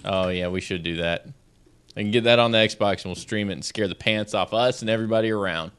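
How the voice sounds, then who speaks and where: A man's voice: fairly low pitch, quick pace, fairly bright tone, clear, resonant tone. A man co-hosting a casual streamed show, chatting and reading odd news stories aloud, often laughing as he goes. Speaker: co-host.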